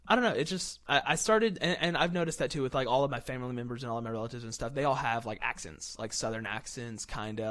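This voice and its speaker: A young man hosts a loose, casual podcast chat with his family. He jokes and teases in a sarcastic way and breaks into laughter often. His voice sits at an ordinary middle pitch for a man. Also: fairly bright tone. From West Virginia. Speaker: podcast host.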